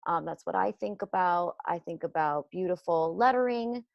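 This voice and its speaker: A woman teacher walks young children through a lesson, slowly and patiently. Her voice has a gravelly, fry-tinged edge. The sound is close and dry, with no room around it. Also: lowish voice, no room sound, highs cut off. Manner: slow, patient, explaining step by step.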